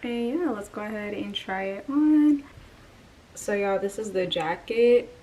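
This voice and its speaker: Mellow and expressive, a young woman with a medium-pitched voice speaks a little slowly as she chats through her try-on haul. She sounds out of breath, leans on fillers, and drifts into whispers now and then. The mic is distant, with clear background noise.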